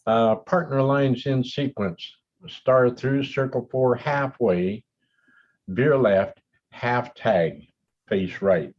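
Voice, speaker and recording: A man's voice: mid-range voice, takes it slowly, a little mellow. A man in a calling workshop who hesitates before offering a sequence of calls on a video call, heard through dull lo-fi audio. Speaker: caller in the audience.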